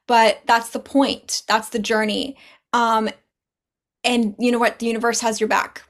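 A young woman speaks as a podcast guest, earnest and encouraging, her words often tumbling out in quick runs. Her voice sits a little high for a woman. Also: flat delivery, fairly bright tone. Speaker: podcast guest, spiritual business owner. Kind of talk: casual podcast conversation.

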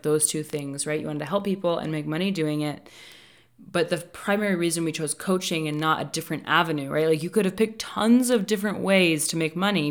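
A woman who is a business coach hosting a solo podcast, talking casually and earnestly with many fillers and light laughs. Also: low voice.

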